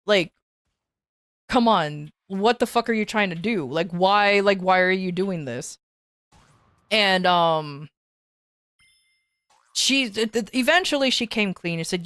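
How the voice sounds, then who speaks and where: A woman's voice: mid-range voice, slow pace, pauses often, fairly bright tone, smooth, dry recording, studio quality. A woman telling a story on a casual livestream, rambling and swearing, with many restarts and fillers. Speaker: streamer.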